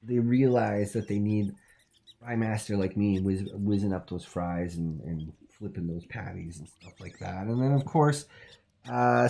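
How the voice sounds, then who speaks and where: Rambling male talk show host, big pitch swings. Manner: rambling, swings from loud to muttered asides; deadpan absurd bluster. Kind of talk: comedic call-in talk show.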